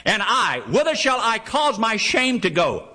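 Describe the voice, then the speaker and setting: A male preacher with a high, bright voice that swoops up and down as he preaches. He reads old scripture aloud and throws out emphatic questions, then answers them himself. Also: big pitch swings, measured pace. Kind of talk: sermon with scripture reading.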